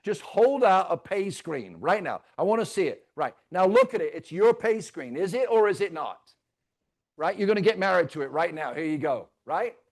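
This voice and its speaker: Brief: male trainer, high voice, theatrical and teasing with the crowd, onstage. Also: big pitch swings, normal speed. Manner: theatrical, teasing, swings loud and soft. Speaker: real estate trainer. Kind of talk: live training talk to an audience. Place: stage before a live audience.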